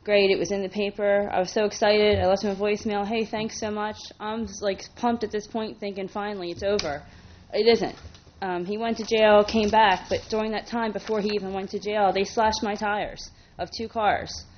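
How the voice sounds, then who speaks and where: A woman's voice: medium pitch, steady tone, normal speed, hardly any pauses, dull audio, a little hiss or hum. A woman speaking as a resident at a town council meeting, emotional and indignant, talking in run-on bursts at a podium microphone. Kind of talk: public comment at a council meeting.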